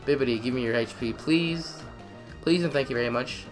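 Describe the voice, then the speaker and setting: A young man giving excitable let's-play commentary, trash-talking the game and repeating phrases in quick bursts. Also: mid-range voice, soft background music. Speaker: gamer.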